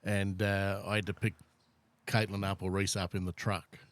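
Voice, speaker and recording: A man's voice: low voice, flat delivery, moderate pace, no echo. A middle-aged Australian man hosting a casual podcast chat over beers, blunt and swearing freely as he tells stories. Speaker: podcast host.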